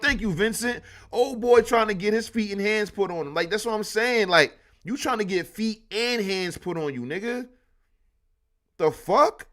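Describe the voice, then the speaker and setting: A man hosting a live history stream, ranting in an animated, profane way. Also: sits high, normal speed. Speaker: host.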